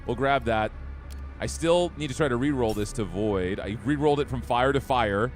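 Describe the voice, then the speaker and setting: With soft music in the background, a young man keeps up relaxed gameplay chat while streaming, talking directly to his viewers. He speaks at medium pitch and a moderate pace, easygoing and chatty.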